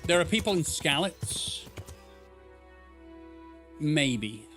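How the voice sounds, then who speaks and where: A man's voice: fairly high pitch, lively intonation, drawn-out words, a bit bright, soft background music. A young man streaming a game, chatting casually and swearing, laughing at the chaos. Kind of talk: casual gameplay commentary.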